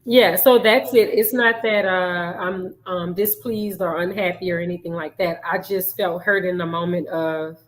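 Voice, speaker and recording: A middle-aged woman, a mother, talking on a show with emotion and hesitation, pausing often. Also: fairly low pitch, fairly even intonation, low-quality recording. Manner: emotional, hesitant, many "um" pauses. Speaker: guest, mother. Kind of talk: casual talk show conversation.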